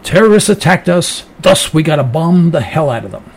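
A fired-up man rants on his talk radio show, stumbling and restarting as he pushes his point. His voice is gravelly and a bit husky, sits slightly high, and swings widely in pitch. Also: expressive, moderate pace. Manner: heated, rambling, with many restarts and rising outbursts. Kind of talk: impassioned political radio monologue.

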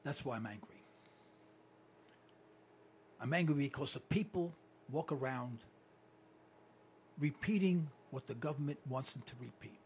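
A male radio talk show host, delivering an animated, ranting, opinionated monologue into a studio microphone. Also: medium pitch, measured pace, long pauses, a little hiss or hum. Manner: animated and ranting, with repeated catchphrases.

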